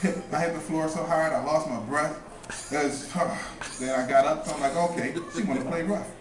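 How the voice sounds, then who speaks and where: A young man doing a stand-up comedy set, telling stories in a laid-back, deadpan way. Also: on the high side, moderate pace, background noise. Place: comedy club with a live audience. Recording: roomy club sound from a distance, crowd laughter. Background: audience laughing.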